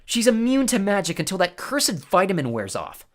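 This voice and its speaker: A man's voice: sing-song, moderate pace. A man voicing a haughty, easily flustered female sorceress in a storybook reading, drawling and mocking. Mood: panicked. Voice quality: high, shrieking put-on voice. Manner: drawling, mocking, then yelping.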